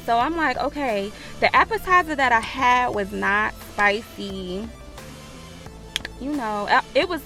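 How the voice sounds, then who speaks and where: A woman's voice: on the high side, sharp tone. A woman vlogger, telling a storytime with profanity and acted-out quotes. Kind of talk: storytime vlog.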